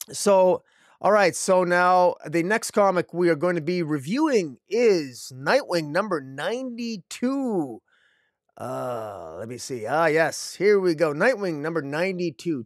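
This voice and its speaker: Casual male comic reviewer from Canada, rambling delivery, slightly high pitch, dry close recording. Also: no echo. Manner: rambling, frequent fillers and restarts.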